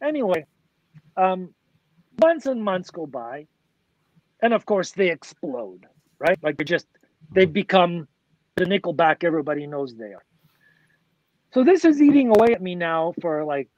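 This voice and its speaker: A man's voice: high voice, very animated, unhurried, pauses often, no room sound. A man in his sixties, a record producer guest on a podcast, telling a casual, rambling story full of "like" and "you know". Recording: dull, lo-fi, dry.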